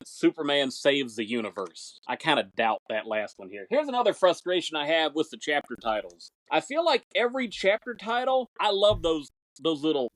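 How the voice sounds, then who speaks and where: A man's voice: a little high, no room sound, poor audio. A man co-hosting a podcast, chatting casually about an old film serial, rambling and searching aloud for words. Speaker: podcast co-host. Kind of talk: casual chat.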